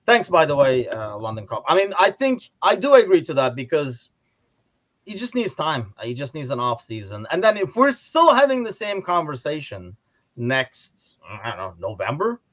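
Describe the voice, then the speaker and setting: A man's voice: a little high, huge pitch swings, moderate pace, fairly bright tone, highs cut off. A man hosting a casual livestream chat about sport, rambling with restarts and reading out viewer comments. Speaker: podcast host.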